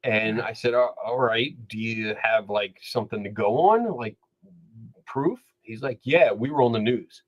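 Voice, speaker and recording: A man's voice: medium pitch, measured pace, dull audio. A man, a skeptical investigator, chatting casually on a podcast and acting out the people he quotes. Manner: animated storyteller, acts out quoted dialogue. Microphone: studio microphone.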